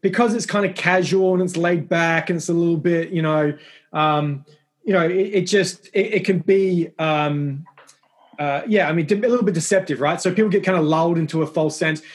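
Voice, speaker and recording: A man's voice: a little high, normal speed. A middle-aged Australian man with an Australian accent, a guest telling stories in a rambling, self-deprecating, casual way. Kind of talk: casual interview conversation.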